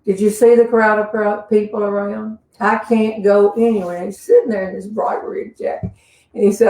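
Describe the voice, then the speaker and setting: A woman's voice: mid-range voice, fairly even intonation, brisk, a little mellow. An older woman with a Southern accent, a humorist telling stories and answering questions in a folksy, chuckling way. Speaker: humorist host. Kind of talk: casual storytelling and Q&A. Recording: roomy sound from a distance.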